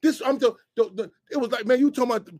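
Middle-aged radio host, high voice, animated, heated, swears freely. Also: male voice, fast talker. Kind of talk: casual talk radio monologue.

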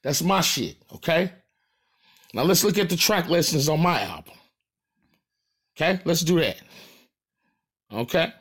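A man's voice: on the high side, lively intonation, a little slow, pauses often, a bit bright, breathy edge. A man from St. Louis with a St. Louis accent, a rapper talking to his fans in a boastful, profane, emphatic monologue. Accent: St. Louis American. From St. Louis, USA.

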